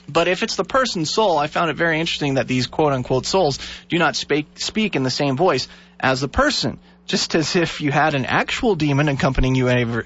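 A man hosting a Christian call-in radio show, talking earnestly and telling stories animatedly. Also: mid-range voice. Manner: earnest, animated storytelling with laughs. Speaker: radio talk show host. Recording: dull lo-fi radio broadcast.

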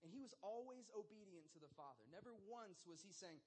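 A man in his thirties preaching a sermon in a conversational, animated way, full of casual fillers. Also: high voice, quick pace, low-quality recording. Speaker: pastor.

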